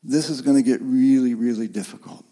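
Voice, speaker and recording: A man preaching a sermon in an earnest, gently emphatic way, heard in a church sanctuary. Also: mid-range voice, fairly even intonation, a little fast, big-room sound. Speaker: pastor.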